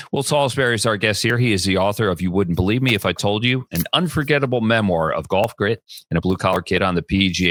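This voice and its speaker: A man with a fairly low voice hosts an interview, recorded dry and close with no room echo. He chats easily, chiming in to affirm his guest and reading out details plainly. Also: a bit bright. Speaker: podcast host. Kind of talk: casual interview chat.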